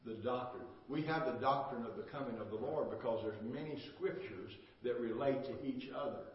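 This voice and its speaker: A man's voice: medium pitch, brisk. An older man preaching a sermon as pastor, emphatic and repetitive, asking "amen?" as he goes. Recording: echoey, distant, dull church recording.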